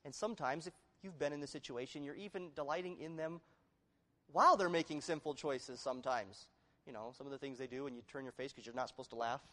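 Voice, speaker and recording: Man preaching in a reverberant church hall. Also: fast talker. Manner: emphatic preaching that swings from loud exclamations to low, hushed appeals. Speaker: pastor. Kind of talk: sermon. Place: church sanctuary. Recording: long reverb of a large hall.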